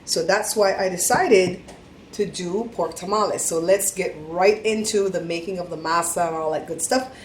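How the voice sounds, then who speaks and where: A middle-aged woman with a lowish voice hosts a home cooking show, chatting to viewers at a moderate pace as she works in the kitchen. She speaks straight to them and often checks in with an "okay?" There is a little hiss or hum in the audio.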